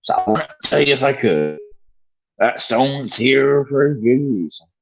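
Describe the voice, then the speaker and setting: Man doing Hagrid, a gruff giant gamekeeper. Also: mid-range voice, sing-song, unhurried, lo-fi sound, pitched above the performer's own voice. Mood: stubborn. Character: huge gruff male gamekeeper, secretive and warm.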